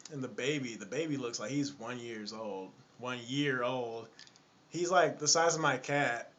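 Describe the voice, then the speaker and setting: A man's voice: medium pitch, fairly bright tone, lo-fi sound. Exasperated man telling a casual story. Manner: exasperated, repetitive, chatty. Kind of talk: casual anecdote.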